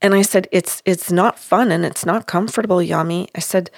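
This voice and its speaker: A counselor in her sixties recounts a session, emphatically and firmly taking on both voices in the conversation. Her gravelly voice is on the low side and steady, moving at a moderate pace, in clean studio sound with no room sound.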